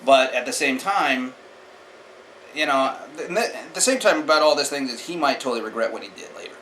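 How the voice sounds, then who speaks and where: Male martial-arts vlogger, bright forceful voice, blunt opinion talk with a faint hiss behind. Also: mid-range voice, lively intonation, a little fast, poor audio. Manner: blunt, opinionated, talks to the viewer directly. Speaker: martial arts channel host. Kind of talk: casual opinion commentary.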